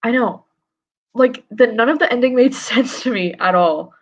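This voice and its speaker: A woman's voice: a little high, moderate pace. A young woman guesting on a casual book discussion, loose and profane with lots of "like" fillers. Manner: casual, swears often, many "like" fillers. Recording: slightly dull lo-fi audio.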